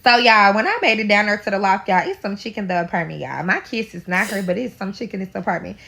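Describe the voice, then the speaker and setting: A woman's voice: medium pitch, fast, creaky, pushed and bright. Dramatic storytelling woman from St. Louis. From St. Louis, USA. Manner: dramatic, addresses listeners as y'all, swears freely. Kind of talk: casual storytime.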